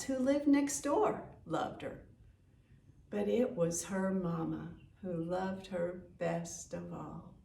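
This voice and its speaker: A woman reading a children's picture book aloud in a gentle, expressive way, inviting listeners to say the repeated lines with her. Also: mid-range voice. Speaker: storyteller. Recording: echoey room, distant mic.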